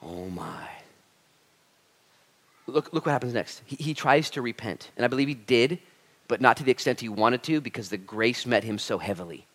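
A male pastor preaching a sermon in church, animated and frank, acting out quoted speech with humor. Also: medium pitch, fairly quick. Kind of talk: sermon with storytelling.

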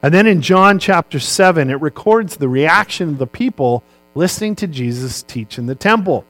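A man's voice: fairly high pitch, animated, normal speed, a bit bright, no room sound, low-quality recording. A male pastor giving a sermon in a conversational way, posing rhetorical questions and answering them himself.

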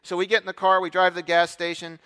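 A middle-aged man preaching, telling a story in an animated way and acting out the other voices. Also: high-pitched, fast, smooth. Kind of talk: storytelling sermon. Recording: long hall reverb.

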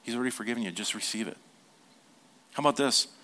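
A man preaching a sermon as a pastor. He asks the congregation questions, repeats them, and drops to a hushed tone for tender points. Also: medium pitch, quick pace, slight background noise.

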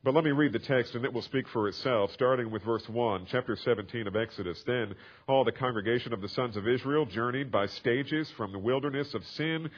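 A man's voice: mid-range voice, a little fast, breathy edge, dull audio. A man preaching a sermon, explaining a scripture passage step by step and building to emphatic, raised passages. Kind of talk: sermon, expository Bible teaching.

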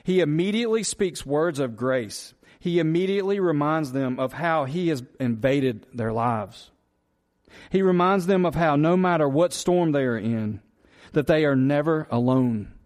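Slow, earnest preaching man. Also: on the high side, lively intonation, darkish tone. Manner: earnest preaching with rhetorical questions and repetition. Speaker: pastor. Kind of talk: sermon.

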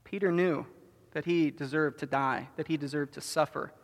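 A man with a high voice delivers an earnest sermon in a church sanctuary. He draws out key words and falls to a near hush for his most solemn appeals. His voice trails off in a long hall reverb. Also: steady tone. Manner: earnest preaching, drawn-out stressed words, softening to a hush. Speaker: pastor.

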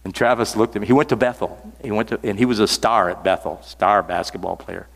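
Older preacher with a lowish voice. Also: male voice, fairly even intonation, a little fast, creaky. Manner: earnest, repeats key phrases for emphasis; folksy, storytelling asides. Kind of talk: sermon. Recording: reverberant hall sound.

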